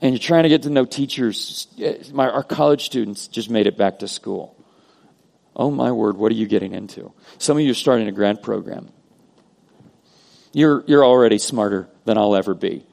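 A man preaching a sermon as pastor, earnest, moving between loud emphasis and hushed prayer. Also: on the low side, moderate pace, vocal fry. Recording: long hall reverb.

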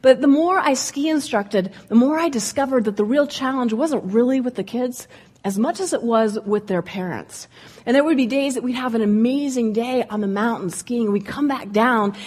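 Husky, lively woman telling comic stories. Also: fairly high pitch, normal speed. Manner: lively, comic, acts out voices. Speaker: public speaker, former ski instructor. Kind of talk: humorous storytelling speech. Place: room with an audience.

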